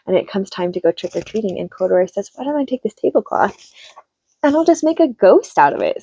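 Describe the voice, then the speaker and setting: An upbeat, chatty woman in her thirties sums up picture books for other parents in a relaxed, casual way. Her voice is mellow and warm, recorded close and dry with a slightly dull, lo-fi tone. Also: medium pitch, no room sound. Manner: chatty and upbeat, retells stories with light laughs. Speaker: homeschooling mom reviewing children's books. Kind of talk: casual book review.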